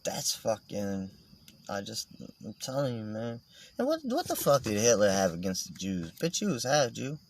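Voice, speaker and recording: Low-voiced man rambling profanely. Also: very animated, moderate pace, a little hiss or hum. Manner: profane, meandering, joking. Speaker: vlogger. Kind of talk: casual rambling monologue.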